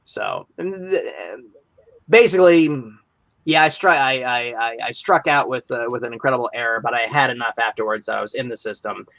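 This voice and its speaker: A man talks as a guest on a casual podcast, spinning long anecdotes. He stumbles and restarts, then jumps into lively impressions of the people in his stories. His pitch sits in the middle range. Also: fairly quick, vocal fry. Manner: animated storyteller who acts out quoted voices. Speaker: podcast guest, convention moderator.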